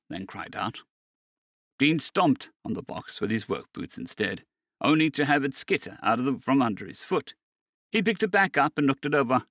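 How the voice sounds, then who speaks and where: A man narrating a science fiction story in a steady storytelling manner. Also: medium pitch, moderate pace, dry recording, studio quality. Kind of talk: scripted narration.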